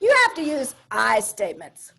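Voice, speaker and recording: High, lively older woman storyteller. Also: normal speed, vocal fry, breathy edge. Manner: wry, confiding, punchy asides. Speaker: solo theater performer. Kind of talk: comedic solo stage monologue.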